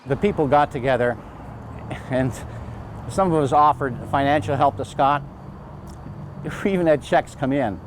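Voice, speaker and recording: A man's voice: medium pitch, moderate pace, long pauses, slight background noise, poor audio. A man from the community speaking earnestly in an outdoor interview, often repeating words. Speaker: local community member. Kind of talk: casual interview.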